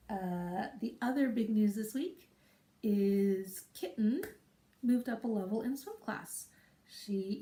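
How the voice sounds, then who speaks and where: A woman chats casually on her home podcast, rambling along and wandering into side remarks. Her voice is soft and mellow, set in the middle of a woman's range. It sits in a room with a noticeable echo. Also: mid-range voice. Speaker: podcast host. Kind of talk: casual chat.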